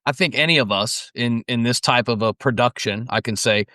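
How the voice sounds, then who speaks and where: A man hosting a casual interview, easygoing and affirming. He asks questions at an unhurried pace. The close mic gives a dry sound. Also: medium pitch, no room sound. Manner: relaxed, affirming, says "man" and "yeah". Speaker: podcast host.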